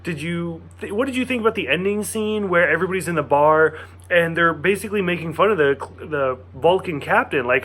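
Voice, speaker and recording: Guy chatting through an episode review, slightly high voice, lots of "like" and restarts. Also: a little fast, fairly bright tone. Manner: chatty, enthusiastic, many fillers and restarts. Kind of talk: casual spoken review.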